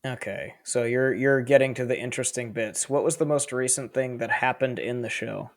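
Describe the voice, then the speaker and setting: A man's voice: medium pitch, normal speed. A man co-hosting a podcast in casual chat, animatedly retelling funny scenes and laughing as he goes. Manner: animated storyteller, laughing through recaps. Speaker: podcast co-host.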